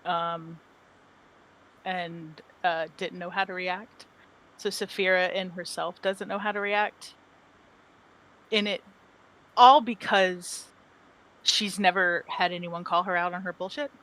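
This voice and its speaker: A woman playing in a tabletop game, explaining what her character feels. She talks in halting, casual bits. Her voice is bright and tense. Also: lowish voice, fairly even intonation, rough recording. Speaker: player.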